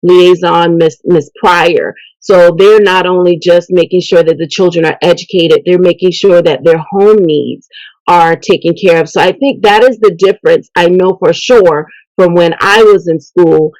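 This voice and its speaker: A woman's voice: on the low side, normal speed, no echo, poor audio. A middle-aged woman, a mentor speaking earnestly about her work and faith in an interview. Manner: earnest, faith-filled, animated. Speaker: event host and youth mentor. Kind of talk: interview guest. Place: local TV interview.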